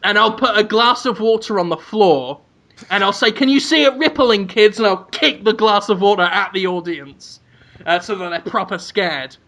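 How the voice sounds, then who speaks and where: A man's voice: sits high, moderate pace, pushed and bright. A man co-hosting a comedy podcast, rambling through absurd, crude scenarios. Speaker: podcast co-host.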